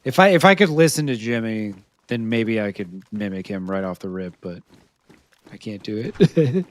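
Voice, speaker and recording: A man's voice: fairly low pitch, lively intonation, normal speed, no echo. A man from the United States streaming a video game live, chatting with viewers, laughing often and talking to himself as he searches for gear. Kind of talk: live gameplay commentary to chat.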